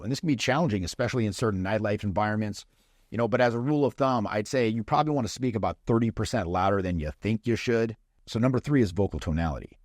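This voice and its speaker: A man's voice: on the low side, dry recording, studio quality. A man coaching on social skills in a conversational teaching talk, often checking in with "right?" as he explains. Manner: conversational, often adds "right?" tag questions. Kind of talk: instructional talk to camera.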